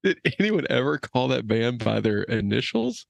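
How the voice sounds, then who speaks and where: A man's voice: medium pitch, sing-song, moderate pace, gravelly, no echo. A man co-hosting a comedy podcast, teasing in a dry way. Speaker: podcast co-host. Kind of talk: casual comedy chat.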